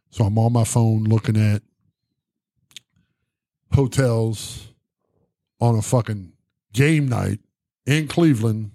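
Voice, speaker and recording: A middle-aged man, an army veteran, telling a story in a heated, profane, animated way. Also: fairly low pitch, no room sound, studio quality. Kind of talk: casual storytelling.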